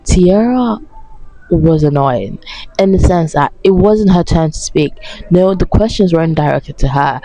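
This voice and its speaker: A woman's voice: lowish voice, expressive, unhurried, dark tone, poor audio. A tired woman ranting to camera about a reality dating show, blunt, sarcastic and full of swearing. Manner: blunt, sarcastic, profane, mocking. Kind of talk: casual rant to camera.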